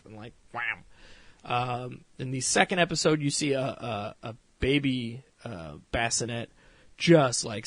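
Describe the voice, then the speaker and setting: A man talks loosely through a show he's reviewing, filling gaps with "uh" and "you know" and cursing freely. His voice sits at an ordinary middle pitch and is recorded dry and close, with almost no room sound. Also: dry recording. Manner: rambling, swears freely, many fillers; retells scenes with mock voices. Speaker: podcast host reviewing a series. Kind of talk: casual spoken review.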